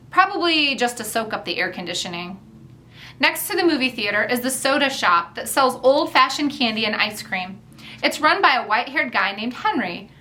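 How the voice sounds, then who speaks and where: A woman narrates a first-person audiobook with a wry, chatty delivery. Her voice is bright and fairly high, and it rises and falls freely as she reads.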